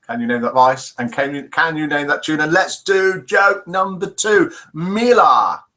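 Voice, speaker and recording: A man's voice: on the high side, lively intonation, a little slow, sharp tone. A man hosting a live morning chat show, chatting playfully and reading out jokes and viewer scores. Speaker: host.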